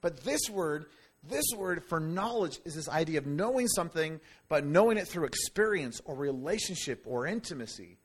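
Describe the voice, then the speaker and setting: A man preaching a sermon in an animated, conversational way, with jokes and quick asides to the congregation. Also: fairly high pitch, husky. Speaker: pastor.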